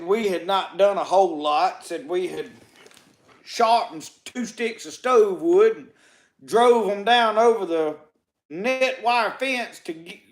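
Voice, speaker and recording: A man's voice: sits high, echoey room. A man with a Mississippi Southern accent telling folk tales in a rambling, folksy way, strung together with "he said.". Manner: rambling, folksy delivery with repeated "said" and "he said". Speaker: storyteller. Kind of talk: Southern folk tall tales told to a live audience.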